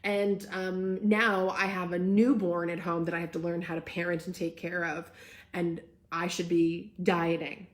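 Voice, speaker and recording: A woman's voice: lowish voice, flat delivery, moderate pace, few pauses. A young woman hosting a live talk, speaking with passion and emphasis and often asking "right?". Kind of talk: live-streamed casual talk, reading comments.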